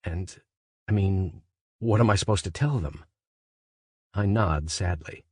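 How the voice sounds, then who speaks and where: A man narrates a literary audiobook in the first person, his voice deep and noticeably husky. He speaks in a measured, conversational monologue, then lifts into sudden emphatic questions. The studio recording is close and dry, with no room around him. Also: darkish tone, no room sound. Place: studio booth. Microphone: close studio mic.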